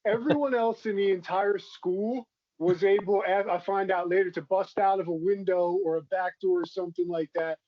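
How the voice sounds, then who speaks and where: A man's voice: high voice, steady tone, moderate pace, dry recording, muffled recording. A man co-hosting a podcast in a casual, laid-back chat, swearing freely as he tells a story. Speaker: podcast co-host.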